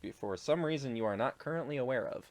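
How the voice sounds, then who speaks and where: A man's voice: mid-range voice, lively intonation, fast talker, a little mellow. A man narrating as game master of a tabletop game in a laid-back, chuckling manner with many fillers. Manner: laid-back, laughs often, lots of fillers.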